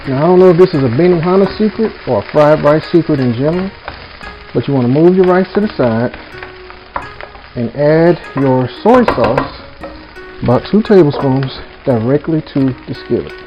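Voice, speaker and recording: In his home kitchen, a cooking channel host chats folksy and relaxed, constantly addressing his audience as "y'all." He speaks at normal speed in a fairly high voice with lively intonation, over dull lo-fi audio carrying background music and the sizzle of a pan.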